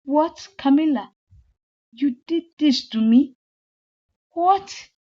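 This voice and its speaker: A woman's voice: high voice, animated, slow, mellow. A woman storyteller speaks as a young woman betrayed by a close friend, hurt and tearful in her questions. The audio is a little muffled.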